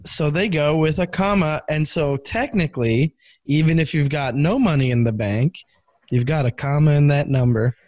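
A man's voice: on the high side, normal speed. A man who is a comedian, a guest in a casual podcast chat, telling stories with animation and stumbling over his starts. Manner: stammers when starting, animated storyteller.

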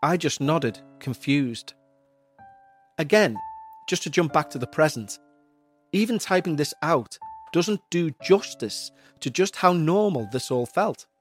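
A man hosting a podcast, reading out a listener's eerie story in a measured, somber way. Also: on the high side. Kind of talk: narrated paranormal story.

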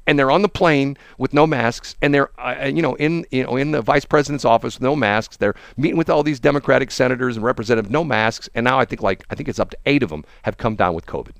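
A man co-hosting a casual political chat rattles through a story quickly, barely pausing, chatty and mocking, often laughing and mimicking people in high voices. There's no echo.

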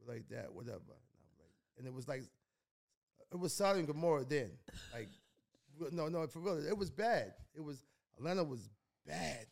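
Man from New York, middle-aged, relaxed rambling storyteller, voice a bit high. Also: moderate pace, gravelly, long pauses. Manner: laid-back, rambling with many restarts. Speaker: guest. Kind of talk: casual storytelling in a podcast interview.

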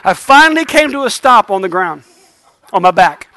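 A middle-aged man preaching a revival sermon, telling a lively story and building to shouted exhortation. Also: sits high, normal speed.

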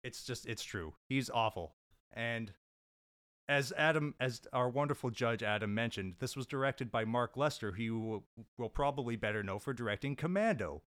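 A man's voice: medium pitch, moderate pace, a bit bright, no room sound, studio quality. A man making a mock-indignant comedic argument against a movie, emphatic and scornful. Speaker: podcast co-host making an opening statement.

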